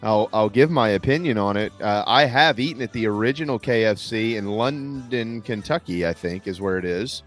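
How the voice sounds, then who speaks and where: A man's voice: on the low side, normal speed, hardly any pauses, faint music behind. A man hosting a radio talk show, telling stories in casual chat from a studio microphone. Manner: storytelling with Southern "y'all".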